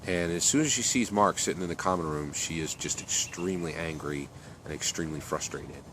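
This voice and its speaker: A man with a very low voice narrates a story off the cuff, stopping and restarting often and filling gaps with ums and you-knows. A faint hiss of noise sits under the recording. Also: brisk. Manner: rambling, many fillers and restarts. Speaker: author telling his story.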